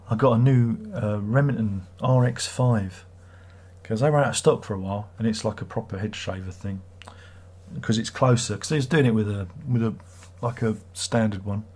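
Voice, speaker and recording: A man's voice: lowish voice, slightly rough. A middle-aged man hosts a livestream, chatting casually and reading viewer comments in a sarcastic, rambling way. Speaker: livestream host.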